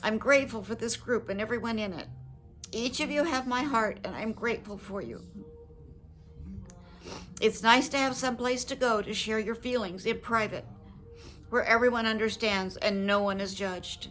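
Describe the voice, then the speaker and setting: An older woman talking to her viewers in a personal, heartfelt vlog, reflective, gentle and earnest, with emotion close to the surface. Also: on the high side, moderate pace, soft background music. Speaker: widow sharing advice with her viewers.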